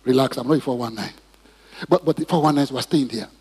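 A pastor preaches a sermon in church, putting questions to the congregation and drawing responses. His mid-range voice is fast and darkish, with a breathy edge, and the hall is reverberant.

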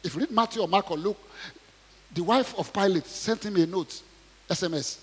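A man preaching a sermon, reading scripture aloud and commenting on it, swinging between quiet asides and loud acted quotes, often asking the audience questions. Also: high voice, moderate pace, breathy edge, in a large hall. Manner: asks the audience questions, repeats words.

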